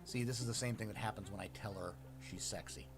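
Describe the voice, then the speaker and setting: A man's voice: lowish voice, quick pace, over music. A man hosting a casual livestream chat, blunt and wry, joking with his wife. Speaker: host.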